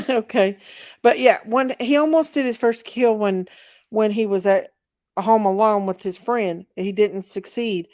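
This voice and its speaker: A woman's voice: medium pitch, unhurried, darkish tone, no room sound, clean studio sound. A woman with a Southern US accent hosting a casual livestream chat and reading out viewer comments. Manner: chatty, drawling, reads viewer comments aloud. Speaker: livestream host.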